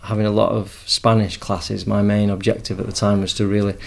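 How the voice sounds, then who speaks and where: A middle-aged man from England with an English accent, a podcast guest telling his story in relaxed conversation and often repeating words as he restarts. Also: lowish voice, brisk, gravelly. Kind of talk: casual interview storytelling.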